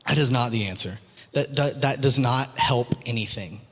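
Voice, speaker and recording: A man's voice: mid-range voice, moderate pace. A man preaching a sermon, earnest and pleading, repeating his phrases; he also teaches school. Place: church hall. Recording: long hall reverb.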